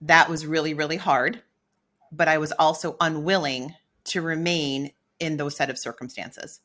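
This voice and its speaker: A middle-aged woman telling a personal story on a podcast. Her voice sits low and has a bright, forceful edge. She speaks candidly and acts out her own thoughts as she goes. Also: steady tone, moderate pace. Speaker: podcast co-host.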